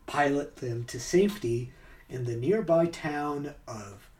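A man's voice: a little high, takes it slowly, a little mellow, distant mic, slight background noise. A man hosting a podcast in casual chat, laughing often and talking with many fillers and restarts. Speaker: podcast host.

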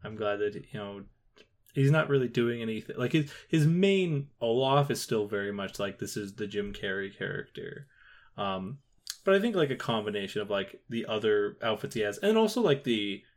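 A man co-hosting a podcast, chatting casually about a film, full of fillers and restarts. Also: on the low side. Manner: hesitant, filler-heavy, with sudden upward bursts. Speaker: podcast co-host.

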